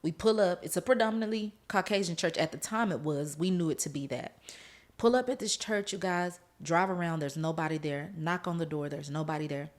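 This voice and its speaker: A woman's voice: fairly low pitch, a little fast. A woman hosting a podcast, telling her personal testimony with strong emotion and talking straight to her listeners. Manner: laughs through tense parts of the story. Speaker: podcast host.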